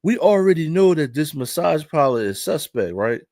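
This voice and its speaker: A man doing an impression of an excited male parking-lot attendant with an African accent, drawing out his words with emphasis. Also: on the high side, normal speed, no echo, clean studio sound. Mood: excited gossip.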